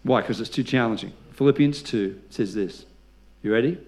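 Lively pastor preaching to a congregation. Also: male voice, medium pitch, moderate pace. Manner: lively storytelling with congregation call-and-response. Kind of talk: sermon.

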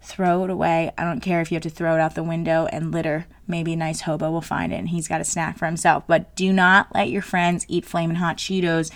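A woman's voice: low-pitched, flat delivery, fairly quick, hardly any pauses, no room sound. A woman in her late twenties talking casually as a solo host, frank and jokey, full of fillers. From New Jersey. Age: 20s.

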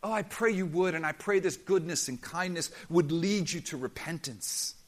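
Male pastor, high tenor, emphatic and impassioned sermon delivery. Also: moderate pace. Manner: impassioned, emphatic preaching with dramatic quoted voices.

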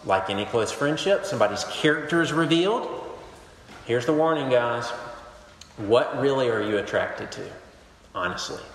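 Male pastor, sermon delivery, mid-pitched voice, roomy echo with a long reverb tail. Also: slight background noise. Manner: animated storytelling, swings between emphatic and hushed. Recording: echoey hall with long reverb.

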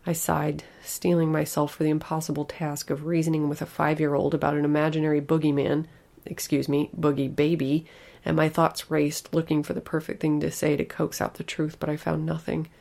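A woman's voice: deep voice, completely flat delivery, fairly quick, gravelly, a little mellow. A woman narrating a first-person horror story in an anxious, intimate way.

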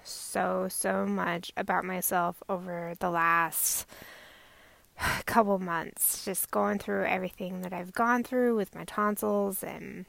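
Chatty bright-voiced woman podcaster, gravelly. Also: on the low side, fairly even intonation, slow, dry recording. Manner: chatty, laughs often, warm pet names for listeners. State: recovering from tonsil surgery. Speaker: podcast host. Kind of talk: casual solo podcast monologue.

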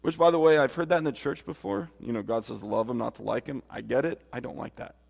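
A man's voice: medium pitch, expressive, quick pace, gravelly, a little mellow. A man preaching a sermon and giving his testimony, earnest and emphatic, speaking straight to his listeners. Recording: long hall reverb.

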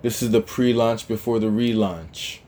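A man with a somewhat low voice co-hosts a casual talk show. He rambles along loosely, stopping and restarting his sentences with plenty of fillers. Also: normal speed, warm tone, a little hiss or hum. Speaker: podcast co-host. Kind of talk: casual chat.

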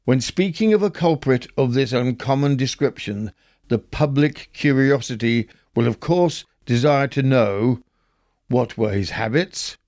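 A man reads old newspaper stories aloud as a podcast host, taking his time over every phrase. His delivery is measured and wry, in a middle pitch. The sound is dry and close, with no room around it. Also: expressive, a little mellow, dry recording.

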